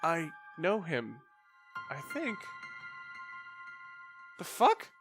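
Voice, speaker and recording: Excitable young man swearing through commentary. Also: a little high, very slow, music in the background. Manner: excitable, swears a lot, thinks out loud. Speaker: let's play host. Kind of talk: let's play commentary.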